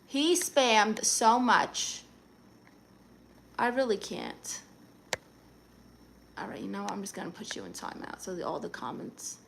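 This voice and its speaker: A woman's voice: mid-range voice, expressive, a little slow, vocal fry, pauses often, slight background noise. A woman hosting a live stream, reading viewers' comments aloud and answering them in a sassy, blunt, teasing way.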